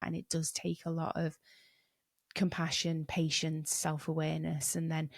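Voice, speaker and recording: A woman's voice: low-pitched, monotone, normal speed, creaky, dry recording, clean studio sound. A woman hosting a podcast, asking thoughtful, musing questions with a rising lift. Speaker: podcast host. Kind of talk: conversational interview questions.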